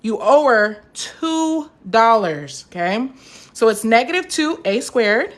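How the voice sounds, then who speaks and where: A woman's voice: fairly high pitch, very animated, takes it slowly. A young woman teaching a live math lesson, chatty and encouraging, stopping to answer viewer comments.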